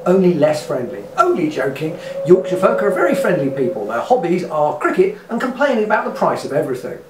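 A man's voice: fairly high pitch, big pitch swings, brisk, hardly any pauses. A man vlogger reading from a book for laughs, with dry jokes and many fillers. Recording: roomy, distant mic, clear ambient noise.

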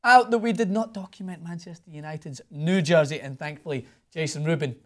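A man's voice: on the high side, fairly quick, fairly bright tone. A young man hosting a casual sports chat show, joking and bantering with his co-host.

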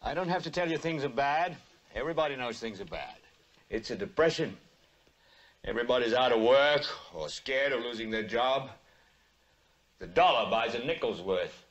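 A man playing a fed-up TV news anchor in a 1970s film drama, speaking in an impassioned, commanding way that rises into shouting. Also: medium pitch, lively intonation, normal speed, dull audio. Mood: grim. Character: fed-up middle-aged male TV anchor ranting on air.

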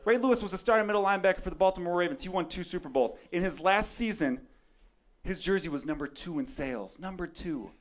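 A man from Chicago performing a profane, excitable stand-up comedy set on a club stage, with a handheld mic. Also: high-pitched, fast talker. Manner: brash, profane, excitable bits. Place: comedy club stage before a live crowd. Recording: live club recording with crowd laughter. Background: audience laughter.

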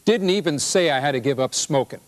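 A man's voice: fairly high pitch, lively intonation, a little fast, lightly acted. A man reading a play aloud, voicing an indignant older man complaining about his doctor.

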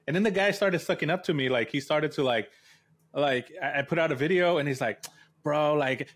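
A man hosting an interview, chatting casually in a relaxed, rambling way with lots of filler words. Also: a little high, brisk. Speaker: host interviewer.

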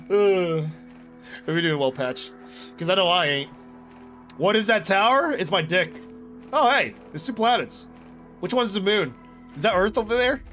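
A young man streaming a video game, rambling loudly to chat, swearing and bursting into yells. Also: high voice, big pitch swings, measured pace, long pauses, soft background music. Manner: loud, rambling and profane, bursts into yelling. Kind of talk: casual live-stream chat while gaming.

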